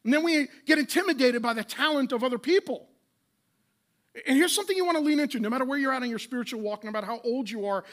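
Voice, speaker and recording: A pastor in his late thirties preaching a sermon in a conversational, impassioned way, with rhetorical questions and quick restarts. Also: very high-pitched, a bit bright.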